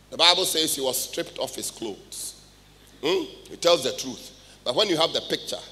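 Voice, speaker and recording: A middle-aged Ghanaian man preaching a sermon in church, swinging between loud outbursts and hushed asides. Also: mid-range voice. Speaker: pastor. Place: church hall with congregation. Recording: live church recording with long reverb.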